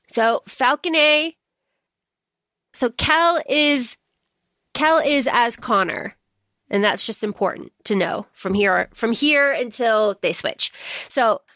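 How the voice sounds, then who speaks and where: A woman's voice: a little high, pushed and bright, no echo. A woman co-hosting a podcast, chatting casually and frankly about a book, swearing freely and acting out lines. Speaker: podcast co-host. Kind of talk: casual book discussion chat.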